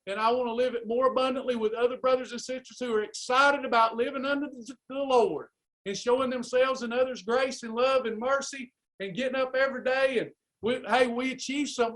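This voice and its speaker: A man's voice: extremely high pitch, steady tone, a little fast, fairly bright tone. A man coaching a live weight loss class, urging listeners on in a fired-up, preacherly way. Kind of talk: live class pep talk.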